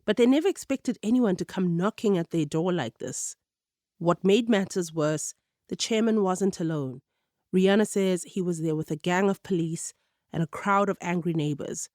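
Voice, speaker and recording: A woman narrating a radio documentary in a measured, clear storytelling manner. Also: on the low side, a little mellow, no room sound, clean studio sound.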